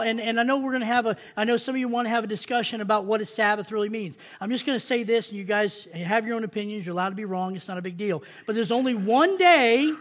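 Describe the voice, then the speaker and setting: A man giving an informal sermon to coworkers, talking conversationally, repeating phrases and checking in with a quick "right?". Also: high voice, fairly bright tone. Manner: conversational, repeats and restarts phrases, stretches key words slowly; addresses listeners directly with "right?".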